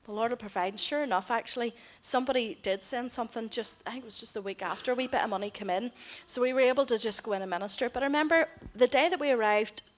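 A woman's voice: fairly high pitch, fast talker, few pauses. A middle-aged woman, giving a heartfelt mission report to a church congregation and voicing the people she quotes. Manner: heartfelt storytelling, voices others in quotes. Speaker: missionary speaker.

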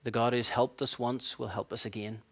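A man preaching a sermon, animated and storytelling, acting out voices and laughing at his own stories. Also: medium pitch, moderate pace, breathy edge.

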